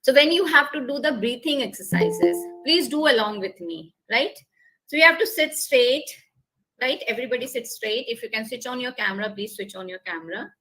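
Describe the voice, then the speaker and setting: A woman's voice: fairly high pitch, lively intonation, normal speed, fairly bright tone, faint music behind, poor audio. A woman with an Indian English accent giving a public speaking webinar over a video call, explaining things step by step and leading breathing exercises. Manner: instructive, repetitive, leads breathing exercises. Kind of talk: online workshop talk.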